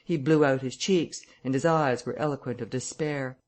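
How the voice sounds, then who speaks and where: An audiobook narrator reading a classic novel in a steady, measured way. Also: mid-range voice. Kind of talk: scripted narration.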